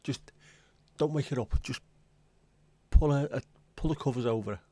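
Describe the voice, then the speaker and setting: A man putting on an Irish accent to play a hushed Irish man quietly tucking someone into bed. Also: medium pitch, moderate pace, husky, no room sound, voice pushed up, close to an everyday voice. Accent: put-on Irish. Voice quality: hushed, soft-spoken.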